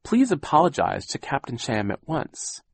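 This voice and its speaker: A prim, fretful aunt who scolds children about manners, put on by a man reading aloud. Her voice sits raised and lively with a husky grain, close and dry. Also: mid-range voice, moderate pace, no room sound, pitched above the performer's own voice, heavily acted. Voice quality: prim, fussy. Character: fussy, prim, easily fooled middle-aged aunt.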